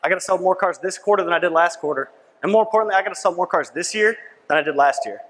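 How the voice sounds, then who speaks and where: A young conference speaker pitches hard in a large hall, his high-pitched, slightly bright voice moving very fast. Punchy and persuasive, he repeats his key lines and often asks "right?", with the long reverb of a big hall behind him.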